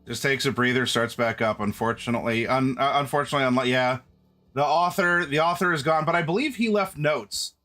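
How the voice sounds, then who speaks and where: A man's voice: medium pitch, a little fast, bright, forceful tone, soft background music. A man hosting a live stream, chatting casually with his viewers and often restarting his sentences. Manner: chatty, restarts often, addresses chat directly. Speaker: streamer host.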